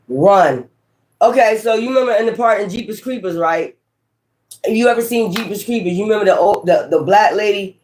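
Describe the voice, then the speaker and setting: Speaking straight to his audience, a high-voiced man offers a casual, foul-mouthed tarot reading. His delivery is emphatic yet a little mellow, at an ordinary pace, and he keeps punctuating it with rhetorical "right?" and "okay?"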